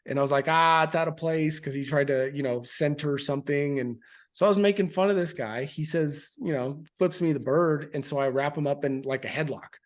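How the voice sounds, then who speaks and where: A man's voice: on the high side, steady tone, fairly quick, darkish tone. A man in his thirties, a military veteran, speaking as a podcast guest in a frank, earnest way with loose fillers and restarts. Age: 30s. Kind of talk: candid interview storytelling.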